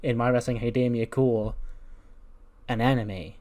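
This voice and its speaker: A man voices a bossy male wrestling mentor giving instruction with total confidence. The tone is plain and middle-pitched, close to the performer's own. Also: steady tone, normal speed, darkish tone, natural voice. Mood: instructive.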